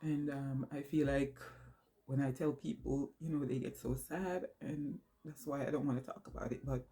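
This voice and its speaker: A woman vlogger talking to her viewers while crying, halting and emotional, with many pauses and fillers. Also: extremely low pitch, fairly even intonation, dark tone. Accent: New York. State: tearful, crying. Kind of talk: personal vlog confession.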